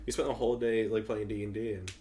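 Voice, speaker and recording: A man's voice: fairly low pitch, little pitch movement, quick pace, warm tone, slight background noise. A man in casual chat, chiming in with wry, joking remarks.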